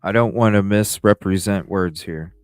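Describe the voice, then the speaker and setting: A man's voice: lowish voice, normal speed, clear, resonant tone, dry recording, faint music behind. A man hosting a podcast, reading text messages aloud and reacting with profane, incredulous commentary. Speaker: podcast host.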